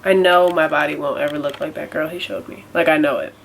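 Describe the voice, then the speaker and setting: A woman's voice: deep voice, fairly even intonation, fast talker, creaky, a little hiss or hum, low-quality recording. A young woman vlogging about a setback in a casual, rambling way, with a nasal voice and lots of filler words. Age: young adult. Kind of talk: casual confessional vlog.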